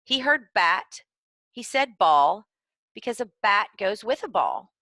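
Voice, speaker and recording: A woman giving clear, deliberately enunciated instructional narration for preschool teachers. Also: medium pitch, big pitch swings, sharp tone, no room sound. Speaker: early literacy trainer.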